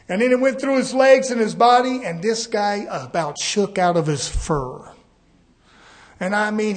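A man preaching a sermon, telling folksy stories and rising into fervent shouts. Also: high-pitched. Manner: folksy storytelling.

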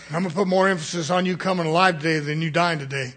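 A man preaching a fiery sermon, swinging from quiet asides to shouted peaks. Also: on the high side, fairly even intonation, rapid-fire.

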